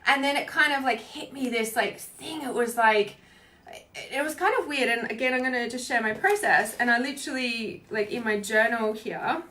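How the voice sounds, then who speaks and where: Woman spiritual coach, casual livestream, rambles with lots of "like," swears freely, slightly high voice. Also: moderate pace, pushed and bright.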